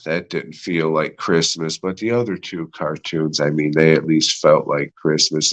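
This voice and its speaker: A man's voice: low-pitched, a bit bright. A man hosting a podcast alone, rambling through a profane, sarcastic movie review and laughing at his own jokes. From United States. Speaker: podcast host. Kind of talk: solo movie review rant.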